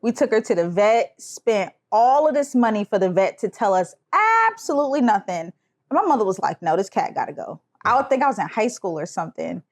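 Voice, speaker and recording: Animated young woman telling stories. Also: fairly high pitch, fairly quick. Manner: animated storyteller who does voices. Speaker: podcast co-host. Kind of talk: casual chat.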